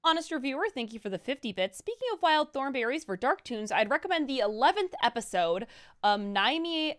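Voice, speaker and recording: A woman co-hosting a live stream, reading out viewer donations and comments in a brisk, upbeat way. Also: sits high, lively intonation, fairly bright tone. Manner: brisk, upbeat, stumbles over hard names.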